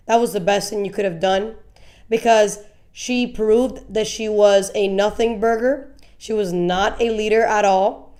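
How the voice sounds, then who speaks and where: A woman hosting a live political talk show, blunt and animated, often repeating words as she talks. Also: mid-range voice, moderate pace. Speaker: host. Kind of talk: casual political commentary.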